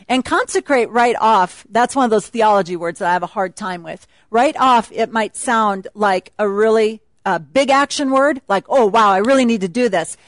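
A woman's voice: on the high side, normal speed, no echo. A woman speaking at a retreat, teaching a Bible passage in a chatty, laughing sermon style.

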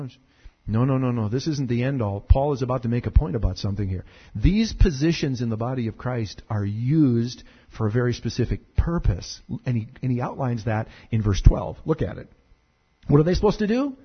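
A man preaching a conversational sermon as pastor, chatty and animated, with many fillers and repeated words. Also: mid-range voice, moderate pace, slightly rough, lo-fi sound.

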